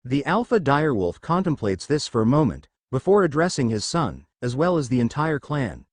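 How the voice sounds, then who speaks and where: Man, fan fiction narrator, expressive, lively pitch. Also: brisk, hardly any pauses, no room sound.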